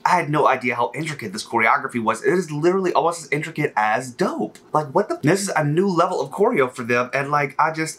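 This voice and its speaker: Bright-voiced, excitable male reaction vlogger. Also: medium pitch, brisk, few pauses, breathy edge. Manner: animated, excitable, chatty. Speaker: reaction video creator. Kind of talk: casual reaction commentary.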